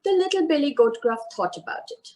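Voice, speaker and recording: A woman narrating a children's story live, animated and sing-song, asking her listeners questions. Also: sits high, fast, rough recording.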